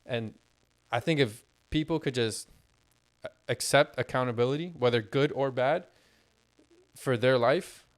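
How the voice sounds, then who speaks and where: A man's voice: medium pitch, measured pace. A young man co-hosting a casual podcast, talking bluntly and animatedly with lots of swearing. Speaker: podcast co-host.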